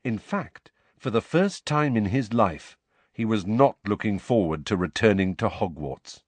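A man's voice: lowish voice, dry recording. A man reading an audiobook in scripted narration, voicing each character.

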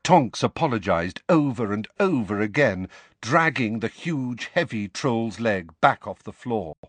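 Expressive male audiobook narrator. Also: on the low side, unhurried, dry recording. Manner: dramatic, expressive reading.

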